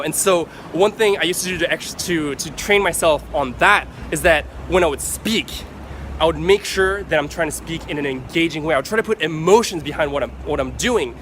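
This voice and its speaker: Guy with a high voice vlogging advice, lively and swears a lot, faint traffic noise behind. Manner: animated, swearing, acts out excited examples. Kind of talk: casual advice talk to camera.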